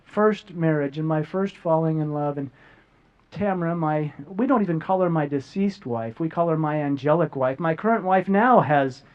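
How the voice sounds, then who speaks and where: A man's voice: fairly high pitch, moderate pace. Earnest man telling a personal story. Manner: earnest, repeats words when moved. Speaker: guest speaker. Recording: dull lo-fi audio.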